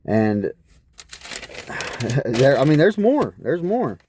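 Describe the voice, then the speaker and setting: A man's voice: mid-range voice, sing-song, slow pace, warm tone, a little hiss or hum. A man telling a rambling personal story in an aggrieved, profane way, asking again and again what is wrong with people. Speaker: vlogger.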